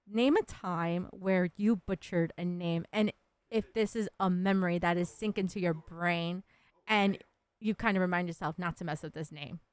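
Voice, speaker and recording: A woman's voice: fairly low pitch, moderate pace, smooth, dry recording. A woman hosting an interview over a video call, friendly and giggly with loose phrasing. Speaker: podcast host. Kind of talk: casual interview.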